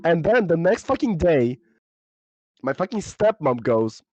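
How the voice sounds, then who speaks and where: A man's voice: on the high side, sing-song, a little slow, darkish tone, dry recording, muffled recording. A young man co-hosting a casual podcast, telling a story in a rambling way, swearing and laughing often. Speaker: podcast co-host.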